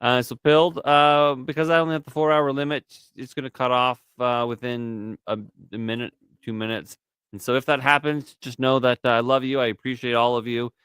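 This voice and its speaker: Smooth-voiced man chatting crudely. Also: medium pitch, little pitch movement, a little fast, a bit bright, no echo, studio quality. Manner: rambling, crude, swears freely. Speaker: stream host. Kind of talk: casual chat.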